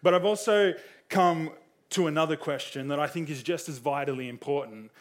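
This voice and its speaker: A man's voice: on the high side, moderate pace. A young man preaching a sermon in a casual, conversational way, full of fillers, acting out quotes with a raised voice.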